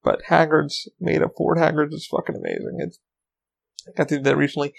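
A podcast host in his thirties talks fast and alone into the mic, with profanity, rambling and frequent self-interruptions. His slightly high voice is gravelly and his delivery flat.

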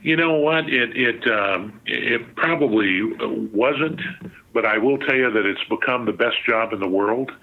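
A man's voice: mid-range voice, measured pace, few pauses. Man on a tinny phone line. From Southern California. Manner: chatty, many fillers and restarts. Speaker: guest, sports museum president. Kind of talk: phone interview storytelling.

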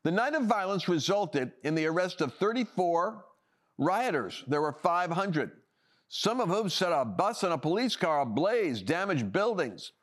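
A man's voice: high-pitched, very animated, a little slow. A man hosting a political talk show, delivering opinionated commentary with emphatic, sarcastic emphasis and frequent restarts.

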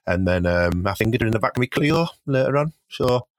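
A man's voice: medium pitch, animated, brisk, no room sound, clean studio sound. A man, chatting casually, teasing and mock-ranting with plenty of swearing. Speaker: comedian, co-host. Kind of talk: casual chat.

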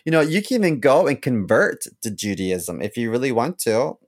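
A man's voice: medium pitch, moderate pace. A man co-hosting a podcast, telling rambling, wry stories in casual chat. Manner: wry, rambling storytelling with a lively lilt. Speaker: podcast co-host.

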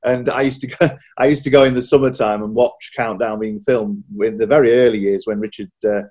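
Fast-talking husky male interviewer. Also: fairly low pitch, fairly even intonation, darkish tone. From Yorkshire. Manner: chatty, enthusiastic, trailing tag questions. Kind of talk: casual interview chat.

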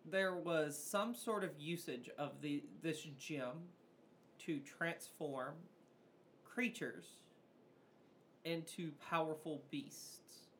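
A game master narrating a tabletop game in a relaxed, casual way, with many fillers. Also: medium pitch, slow pace, slight background noise.

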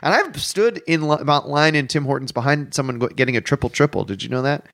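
Young Canadian man, podcast co-host, slightly raised pitch, strained voice, rambling and animated, laughs easily. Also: fast. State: voice sounds unusual, strained. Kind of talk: casual comedic chat.

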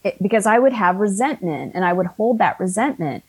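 A woman's voice: medium pitch, expressive, brisk, darkish tone, husky. A woman in her fifties, an author and life coach, telling a personal story in an earnest, conversational way with frequent restarts.

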